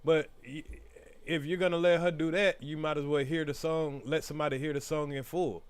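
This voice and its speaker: A man's voice: fairly high pitch, steady tone, brisk, clean tone, no room sound. A man hosting a live stream, giving opinionated, conversational commentary on a trial. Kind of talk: casual commentary.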